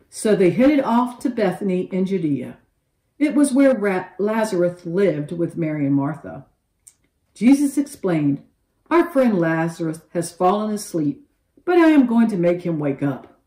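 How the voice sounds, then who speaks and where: Lively woman telling a Bible story to kids. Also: mid-range voice, roomy sound, low-quality recording. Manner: animated storyteller with expressive quoted voices. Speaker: children's Bible teacher. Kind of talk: storytelling Bible lesson for children.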